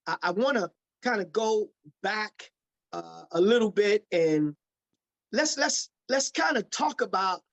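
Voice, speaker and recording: A man's voice: high-pitched, animated, measured pace, vocal fry, a bit bright. A male interviewer in a casual conversation who trips over his words as he goes. He repeats himself and restarts while working his way toward each question. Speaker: interviewer, host.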